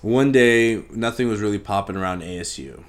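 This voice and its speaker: A young man hosting a podcast, telling a story in a casual, profane, animated way and acting out the scenes. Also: fairly low pitch, normal speed. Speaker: podcast host.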